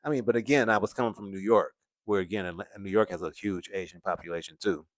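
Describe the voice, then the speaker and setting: Man, very deep voice, dry close sound, casual livestream chat, relaxed and musing. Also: fast, no echo. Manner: relaxed, musing, laughs often. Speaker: commentary channel host. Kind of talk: casual livestream chat reading viewer comments. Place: home in California.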